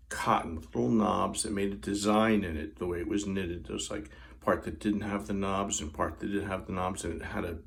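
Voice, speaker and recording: Gravelly low-voiced man in his sixties. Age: 60s. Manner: vivid, animated retelling with sound effects. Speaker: storyteller. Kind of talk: personal storytelling.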